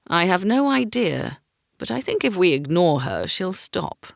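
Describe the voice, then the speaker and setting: A woman's voice: lowish voice, big pitch swings, measured pace, creaky, no echo, studio quality, heavily acted. A woman doing a wry male captain. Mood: amused. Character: wry laid-back male guard captain.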